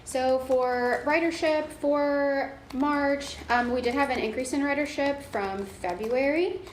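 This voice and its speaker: A woman's voice: high voice, slow. A woman presenting a transit performance report at a board meeting, walking through slides. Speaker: transit agency staff presenter. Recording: echoey room with background noise.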